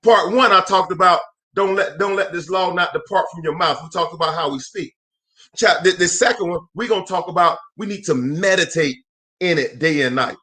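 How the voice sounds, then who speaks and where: Speaking at normal speed in a high-pitched voice, a man runs a live motivational talk alone in a room as its host. His delivery is energetic and emphatic, full of repeated phrases and preacher-like calls to viewers.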